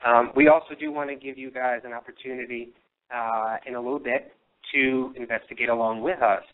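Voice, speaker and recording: A man hosting a live paranormal radio investigation, telling history in a rambling, filler-filled way. His voice is a little worn and comes through a thin, tinny phone-like line. His pitch sits in an ordinary middle range. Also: steady tone, a little fast, slight background noise. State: losing his voice. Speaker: paranormal radio show host.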